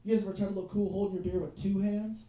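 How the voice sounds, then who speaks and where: Mellow-voiced young man doing stand-up. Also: high voice, little pitch movement, very fast. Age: 20s. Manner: loose, rambling, lots of "like" and "you know what I mean". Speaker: stand-up comedian. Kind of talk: stand-up comedy set. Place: bar stage in front of a live audience. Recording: roomy bar recorded from a distance.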